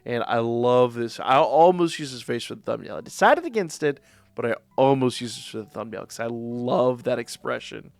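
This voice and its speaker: A man's voice: mid-range voice, moderate pace, creaky, no room sound. A man hosting a manga reaction channel, talking casually and with enthusiasm, often tripping over and repeating his words. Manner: enthusiastic, rambling, repeats words when excited. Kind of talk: casual reaction and review chat.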